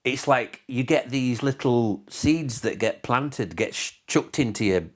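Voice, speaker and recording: A man's voice: medium pitch, a little slow. A man co-hosting a casual podcast chat over beer in a shed, throwing in teasing, jokey remarks. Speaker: podcast co-host. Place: garden shed.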